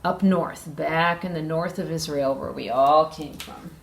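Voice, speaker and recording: A woman leading children's worship, telling a Bible story with big expressive swings, recorded in a roomy space from a distance. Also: low-pitched, a little slow, gravelly. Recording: echoey room, distant mic, faint hiss.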